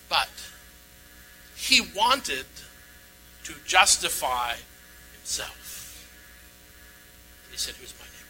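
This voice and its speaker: A pastor with a very high, bright voice preaches forcefully, first reading a scripture passage aloud and then explaining it with mounting emphasis. The recording carries a long hall reverb and some faint noise.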